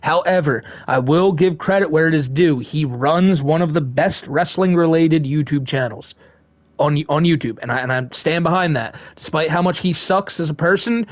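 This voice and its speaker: Streamer host, male, high-ish voice, dry close sound; loose, profane, rambling chat with frequent laughs. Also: moderate pace, no echo. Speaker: live streamer reading chat. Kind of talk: casual live-stream chat.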